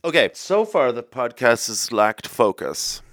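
A man hosting a comedy podcast, rambling excitably from one silly tangent to the next. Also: medium pitch, unhurried. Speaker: podcast host. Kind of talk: rambling comic chat.

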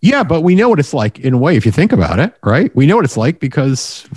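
A man co-hosting a casual racing podcast, giving measured opinions and checking in with a "right?". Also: a little high, sing-song, darkish tone, husky, dry recording, clean studio sound. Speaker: co-host.

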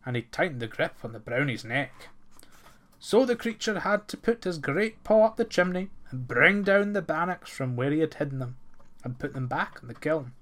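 Bright-voiced male folktale reader. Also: a little high, animated, normal speed. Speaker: narrator. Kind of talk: storybook folktale reading.

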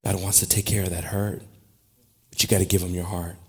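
A man preaching a sermon, dropping to quiet, conversational asides and then rising to loud, emphatic shouts, with laughter along the way. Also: deep voice, fairly quick, breathy edge. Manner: animated, with laughter and restarts. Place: church.

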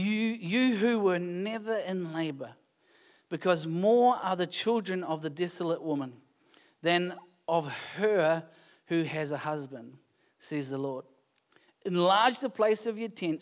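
A man with a New Zealand accent preaching a sermon in church, conversational and humorous, rising to animated emphasis. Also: a little high. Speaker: pastor.

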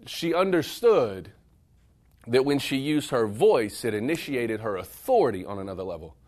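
A man preaching a sermon to a live congregation, animated and conversational, swinging between loud emphatic bursts and quieter, intimate passages while he speaks straight to the room. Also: mid-range voice, moderate pace. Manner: conversational, addresses the room directly. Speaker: pastor. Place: church service room with a live audience.

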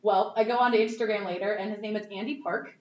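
A young woman telling a story in a bubbly, animated way, full of "like"s. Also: mid-range voice, fast talker. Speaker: cosplayer guest. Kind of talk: casual storytelling. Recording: echoey, dull, distant mic with faint noise.

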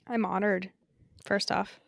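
A young woman co-hosting a podcast, chatting casually and gushing with excitement, laughing often. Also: mid-range voice, slow, vocal fry, dry recording, studio quality. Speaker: podcast co-host. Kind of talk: casual chat.

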